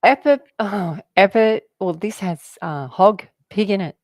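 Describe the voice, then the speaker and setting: A woman's voice: mid-range voice, unhurried, darkish tone, no room sound. A woman talking casually about spirituality, rambling and laughing often as she jumps between word associations. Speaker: guest.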